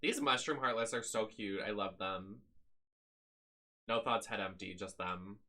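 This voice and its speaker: A man's voice: on the low side, a little slow, pushed and bright. A man live-streaming a video game, making sassy, crude, joking asides.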